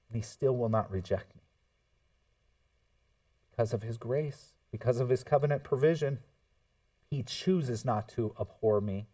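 Male pastor, sermon delivery, mellow tone, slightly high voice, heard from off the mic, moves between quiet and forceful, acts out quotes. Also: recorded from a distance. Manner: expressive preaching, swings from hushed to emphatic, acts out quotes.

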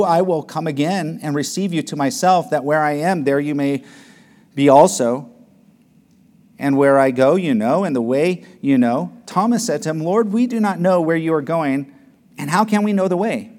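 A man preaching a sermon, emphatic, swinging between loud declarations and quiet low stretches. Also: normal speed.

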